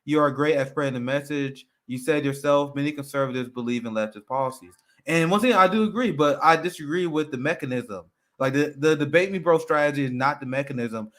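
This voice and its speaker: A man hosting a political panel show, talking in an animated, excited way, laughing often and repeating himself. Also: on the high side. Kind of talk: heated casual political discussion.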